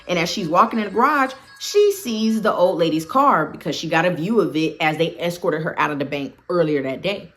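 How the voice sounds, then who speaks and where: A woman's voice: on the low side, expressive, brisk, few pauses, a bit bright, slight background noise. A woman casually recapping a horror film for her channel, talkative and full of opinionated asides. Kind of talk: casual movie recap commentary.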